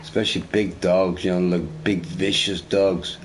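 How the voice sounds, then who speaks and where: A man with a fairly low voice chats loosely while he plays a game. He rambles and repeats phrases, and he swears casually. He keeps checking in with "you know, right?". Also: flat delivery, measured pace, slight background noise. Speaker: gamer recording gameplay. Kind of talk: casual storytelling over gameplay.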